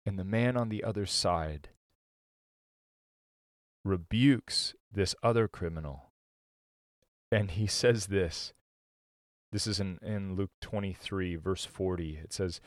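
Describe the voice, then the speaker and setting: A man preaching a sermon, earnest and searching, restarting phrases and going hushed as he quotes scripture. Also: sits low, slow, pauses often, no echo, studio quality. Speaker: pastor.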